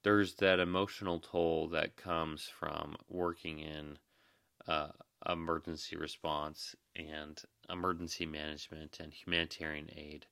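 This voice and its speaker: A man's voice: very deep voice, flat delivery, measured pace, creaky, sharp tone, smooth, no room sound. A tired young man, a new dad and emergency manager, hosting a podcast in an earnest, reassuring, rambling way. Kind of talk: casual podcast monologue.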